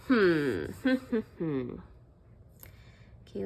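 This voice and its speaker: A young woman chats through a story about her own mishaps while she works on her planner. Her voice is bright and forward. She mocks herself, laughs often and leans on "like" and "um", with a faint hiss of noise underneath. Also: mid-range voice, expressive, a little slow. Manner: chatty, self-mocking, laughs often, fillers like "like" and "um". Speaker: planner vlogger.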